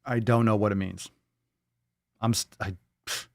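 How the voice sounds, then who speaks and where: A man's voice: fairly low pitch, fairly even intonation, a little slow, gravelly, no room sound, studio quality. A man hosting a live podcast, riffing sarcastically and swearing a lot as he reads posts aloud. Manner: sarcastic, profane, jumps into silly voices. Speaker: podcast host. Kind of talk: casual live show banter.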